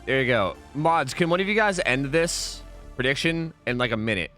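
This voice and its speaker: A man's voice: medium pitch, lively intonation, moderate pace, pushed and bright, soft background music. A man hosting a casual livestream who swears a lot, rambles, and keeps thanking subscribers.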